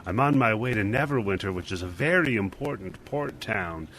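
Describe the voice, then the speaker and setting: A man's voice: fairly low pitch, lively intonation, moderate pace, a bit bright, slight background noise. A man voicing a frail, seasick old man who fusses about his weak stomach in a tabletop game. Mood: fussy.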